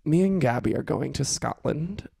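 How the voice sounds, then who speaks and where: A man's voice: mid-range voice, animated, normal speed, gravelly, mellow, husky, no echo, studio quality. A young man co-hosting a podcast, telling a gossipy story in casual chat, giggling often. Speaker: podcast co-host.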